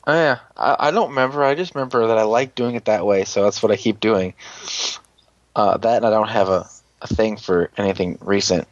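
A man's voice: on the low side, fairly quick, no echo. Rambling man with a dull lo-fi sound. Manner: rambling, profane, joking. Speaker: podcast host. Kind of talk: casual episode recap. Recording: dull lo-fi recording.

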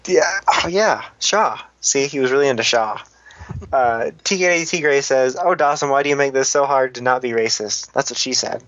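A man co-hosting a podcast, reading listener comments with quick, exasperated jokes. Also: mid-range voice, a bit bright. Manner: joking, exasperated, quick asides. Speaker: podcast co-host. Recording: dull lo-fi podcast audio.

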